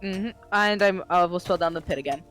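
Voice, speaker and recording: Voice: medium pitch, quick pace, fairly bright tone, soft background music. Young adult gamer telling chatty stories. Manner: chatty storytelling with many likes. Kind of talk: casual gaming chat.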